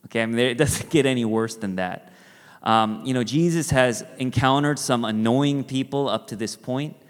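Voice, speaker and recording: A man's voice: medium pitch, normal speed. Man, preacher, conversational sermon, rhetorical asides, long hall reverb.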